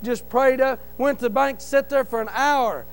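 High-voiced man preaching fervently. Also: normal speed, clean tone, rough recording. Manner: impassioned, pleading, builds to shouting. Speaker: church member giving testimony. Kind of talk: preaching testimony.

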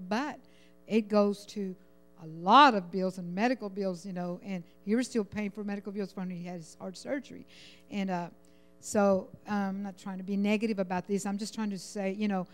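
A woman sharing a personal prayer request at church, rambling and halting with many fillers, sounding overwhelmed and close to tears. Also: mid-range voice. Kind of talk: emotional personal testimony.

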